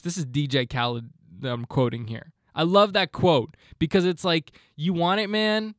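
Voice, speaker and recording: A man's voice: fairly high pitch, moderate pace, few pauses, fairly bright tone, no room sound, studio quality. A man in his twenties hosting a solo podcast, talking in a fired-up, motivational ranting way. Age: 20s. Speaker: podcast host.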